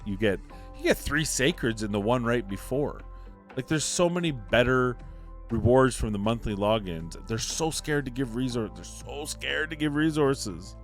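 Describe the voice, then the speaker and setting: A man giving opinionated commentary on a mobile game, emphatic and ranting, repeating points for emphasis. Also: medium pitch. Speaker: mobile game content creator.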